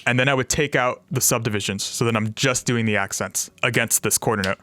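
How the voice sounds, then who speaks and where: A man's voice: mid-range voice, steady tone, fast talker, hardly any pauses, sharp tone, dry recording. A man casually explaining guitar practice to a fellow player, often scatting rhythms aloud with "da" syllables. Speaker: guitarist co-host. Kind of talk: casual instructional chat.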